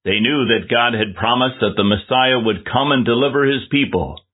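A man preaching a measured, earnest sermon with scripture reading. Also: medium pitch, breathy edge. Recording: tinny phone-like lo-fi audio.

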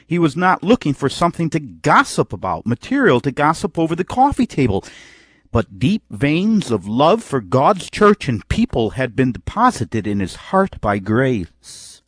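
A man's voice: medium pitch, wildly swooping pitch, normal speed, slightly rough, dry recording, studio quality. A man preaching a sermon. He reads scripture aloud and acts out imagined replies to make his point.

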